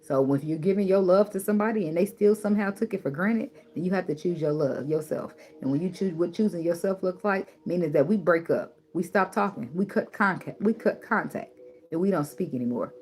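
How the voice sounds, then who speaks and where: A woman's voice: fairly low pitch, a little fast, darkish tone. A woman giving tarot advice in a blunt, preachy way, swearing freely and repeating words for emphasis. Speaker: tarot reader. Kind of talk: casual spiritual advice monologue.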